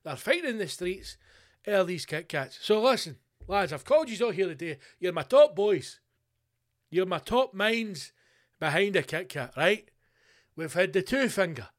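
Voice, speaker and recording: A man's voice: high voice, animated, normal speed. A Scottish man voicing a brash male company boss giving his team a sweary pep talk. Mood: hyped.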